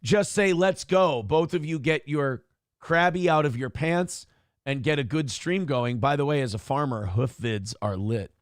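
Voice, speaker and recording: A man hosting a morning talk show in casual chat, rambling and animated, swearing freely with lots of fillers. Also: fairly high pitch, unhurried, clean tone, no room sound, studio quality.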